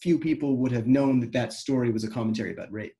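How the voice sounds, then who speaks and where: A man's voice: medium pitch, expressive, fast, gravelly, dark tone. A man hosting a podcast, reflecting aloud in long, winding sentences as he responds to his guest. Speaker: podcast host. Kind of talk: conversational interview.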